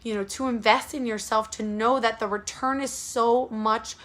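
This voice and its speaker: A woman's voice: a little high, steady tone, normal speed, a bit bright. Earnest woman coaching new moms. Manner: earnest, repetitive, speaks straight to the listener. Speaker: postpartum support coach. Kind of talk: casual direct-to-camera advice talk.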